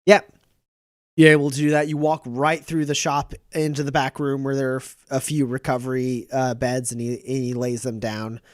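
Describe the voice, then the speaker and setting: A man running a tabletop game as game master, narrating in a relaxed way with many fillers. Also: medium pitch, moderate pace, no room sound, studio quality.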